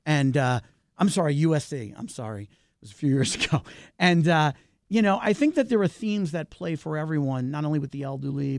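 A middle-aged man in a casual interview, chatting animatedly about his work. His voice sits a little high for a man and carries a gravelly edge. The sound is close and dry. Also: no room sound. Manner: animated, talkative, wide pitch swings. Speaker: filmmaker, guest.

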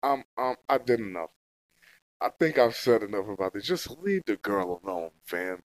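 A man's voice: on the low side, lively intonation, moderate pace, no room sound. A young man in a casual, heated rant, full of slang and swearing, repeating himself as he goes. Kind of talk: casual profane rant to camera.

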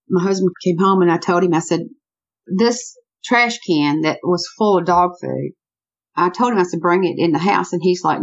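Gravelly low-voiced woman telling a story. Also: highs cut off. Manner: animated, repeats "I said" often. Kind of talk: telling a true encounter story.

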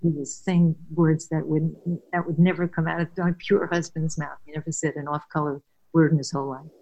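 A woman's voice: sits low, flat delivery, brisk, creaky, poor audio. An older woman, a guest and former caregiver, tells personal stories candidly and earnestly, laughing now and then. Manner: warm, earnest, laughs while telling stories.

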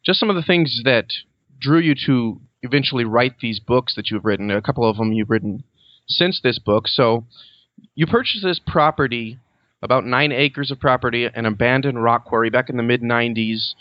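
A man hosting an interview, introducing his guest and asking questions in a measured, friendly way. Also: mid-range voice, dry recording. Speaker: interview host. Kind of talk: scripted radio-style interview intro. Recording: dull, dry lo-fi sound.

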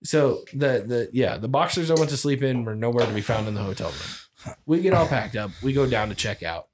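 A man's voice: medium pitch, brisk, noisy background. A man telling a wild story on a casual podcast, swearing often and laughing as he goes. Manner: profane, laughing, animated retelling. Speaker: storyteller guest.

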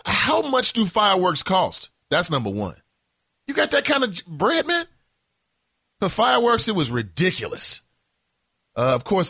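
A man hosting a casual morning talk show, telling a story in an animated, profane way. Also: fairly high pitch, dry recording, studio quality. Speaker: host.

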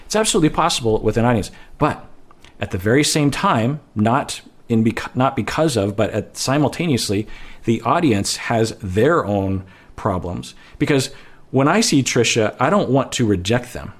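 A man who works as a therapist, explaining ideas in a measured way and correcting himself as he thinks aloud. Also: medium pitch, animated. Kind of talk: explanatory podcast talk.

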